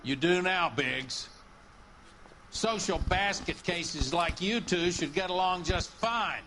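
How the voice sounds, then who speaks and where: An actor playing a gruff police captain who gives orders bluntly and threatens his new detective in a game cutscene. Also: high voice, slow pace, background noise. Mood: commanding.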